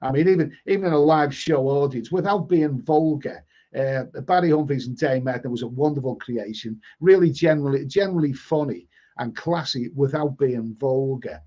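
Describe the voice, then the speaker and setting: Warm in tone and moderately paced, a middle-aged man with a Liverpool accent chats on his live stream and reads viewer comments aloud, often stammering and repeating words. His pitch is medium, and the audio is dull lo-fi stream quality.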